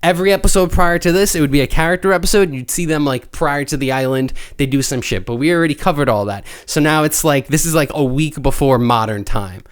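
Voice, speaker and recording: A young man co-hosting a casual podcast, recapping a story in a rambling, excitable, profane way. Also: on the high side, fast talker, hardly any pauses. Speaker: podcast co-host. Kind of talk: casual chat.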